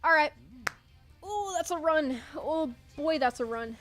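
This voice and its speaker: A woman's voice: high-pitched, lively intonation, measured pace, a bit bright, soft background music. A woman game streamer chatting casually on a live stream at home, rambling through opinions and reading chat aloud. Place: home room.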